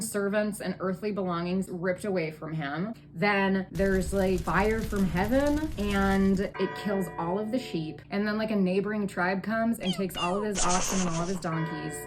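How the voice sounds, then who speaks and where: A woman's voice: mid-range voice, normal speed, hardly any pauses, a little hiss or hum. A tipsy woman retelling a Bible story for comedy in a sarcastic, profane, valley-girl way.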